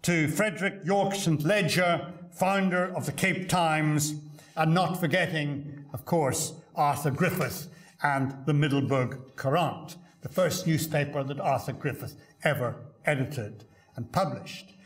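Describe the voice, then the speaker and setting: An older male professor delivers a keynote lecture in a hall, his voice sitting a little higher than most men's. He tells stories with dry humour and stumbles over small fillers and repeated words as he goes. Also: unhurried. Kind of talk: academic lecture with anecdotes.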